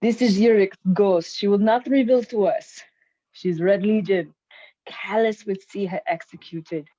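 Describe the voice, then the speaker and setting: A woman's voice: mid-range voice, fairly even intonation, measured pace, warm tone, no room sound, highs cut off, close to an everyday voice. A woman voicing a proud alien scion warrior with a put-on Italian accent, reading game lore aloud in a playful, declaiming way.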